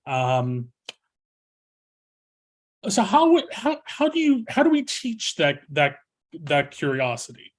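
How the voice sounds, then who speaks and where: A man's voice: a little high, huge pitch swings, slow pace, pauses often. A man hosting a webinar, asking a question hesitantly with many fillers and false starts.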